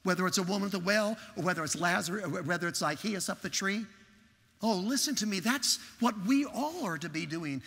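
A man preaching in a large church, his high voice gravelly and bright. He tells a story and acts out its conversations with animation, and a long hall reverb trails each phrase. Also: animated, brisk. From Texas. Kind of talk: storytelling sermon.

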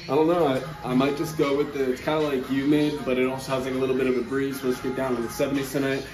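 A young man with an ordinary mid-range voice chats on a road-trip vlog. He talks loosely and hesitantly, with sudden exclamations. Loud music runs right under his voice. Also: mid-range voice, flat delivery, rapid-fire, low-quality recording. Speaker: podcast co-host.

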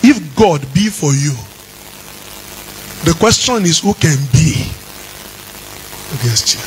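A man preaching a sermon as pastor, chanting his lines and rising into shouts. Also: fairly high pitch, sing-song, slow, a little hiss or hum, rough recording.

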